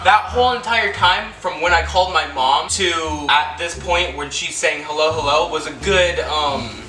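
A young man from California, telling a story at home in an animated, excitable way, full of fillers and acted-out quotes. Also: a little high, unhurried, music in the background. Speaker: vlogger. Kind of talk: storytime vlog. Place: at home indoors. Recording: echoey room, mic at a distance.

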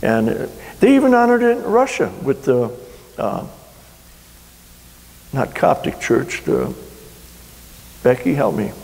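A man's voice: medium pitch, huge pitch swings, takes it slowly, vocal fry, pauses often, darkish tone. A middle-aged man, a pastor, preaching a sermon in a folksy, rambling storytelling way with frequent restarts. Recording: long hall reverb.

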